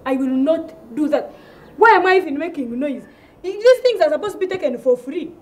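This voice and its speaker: A woman from Uganda with a Ugandan English accent performs a comedy sketch in a high, animated, slightly fast voice. Her delivery is indignant and ranting, repeating itself for effect.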